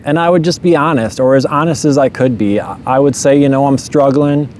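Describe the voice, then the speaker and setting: A man's voice: medium pitch, expressive, fairly quick, a little hiss or hum. A man telling a personal story in a loose, rambling way, often saying "you know" and chuckling.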